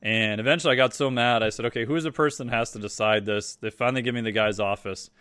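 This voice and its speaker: A middle-aged man telling a story on a podcast as the guest, casual and animated, acting out the voices of people he quotes. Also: mid-range voice, fast, clear, resonant tone, no echo, clean studio sound.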